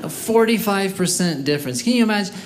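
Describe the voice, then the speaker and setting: A man's voice: high-pitched, lively intonation, quick pace. A man doing a stand-up set in a comedy club, wry and building jokes with rhetorical questions. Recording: club with audience noise.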